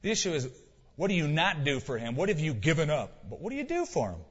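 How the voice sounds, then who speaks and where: Husky-voiced male preacher in a hall. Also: fairly high pitch, huge pitch swings, quick pace, a bit bright. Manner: emphatic preaching with rhetorical questions and repeated lines. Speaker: pastor. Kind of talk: sermon. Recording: dull lo-fi sound with long hall reverb.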